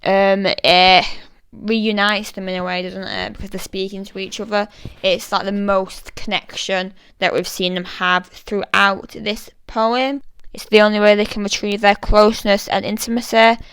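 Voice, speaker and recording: A British woman talks through a poem in a relaxed, chatty way, with plenty of fillers. Her voice is very smooth and even, with little rise and fall. The sound is close and dry. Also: medium pitch, normal speed, dry recording, low-quality recording. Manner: thoughtful, chatty, many fillers. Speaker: literature explainer. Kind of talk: casual poetry analysis.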